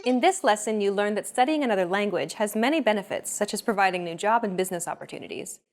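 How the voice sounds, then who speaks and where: Woman, lesson host, scripted narration, clear and explanatory. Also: medium pitch, animated, fast talker, soft background music.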